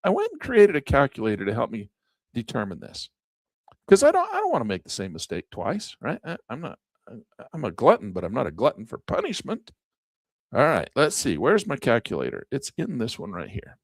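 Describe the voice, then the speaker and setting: An animated man talks through his investing calculators, piling up repetitions and poking fun at himself. His pitch leaps high and drops low through each thought. The sound is dry and close, with no room around it. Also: a little fast, no echo. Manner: animated, repetitive, self-mocking asides. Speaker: finance educator. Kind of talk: casual screen-share tutorial.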